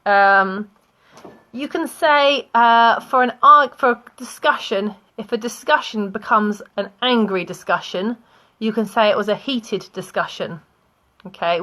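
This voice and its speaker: A young woman with a British accent teaching English vocabulary online, explaining slowly with examples and small laughs. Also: medium pitch, bright, forceful tone.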